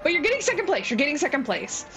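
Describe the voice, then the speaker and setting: A woman's voice: high voice, big pitch swings, very fast, fairly bright tone, low-quality recording. A woman narrating as dungeon master, chatty and giggly, with lots of fillers. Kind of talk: narrating a tabletop game. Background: background music.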